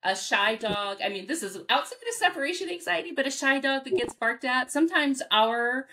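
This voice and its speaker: An American woman, a dog trainer, answering interview questions in a casual, animated way, acting out reactions with big jumps in pitch and laughing often. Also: brisk. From United States. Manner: frequent fillers and restarts, laughs often.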